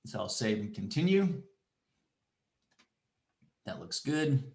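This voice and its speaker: A middle-aged man teaching an online astronomy class, talking in a relaxed, rambling way with restarts and asides. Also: medium pitch, slow. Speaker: university astronomy instructor. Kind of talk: online lecture with screen demo.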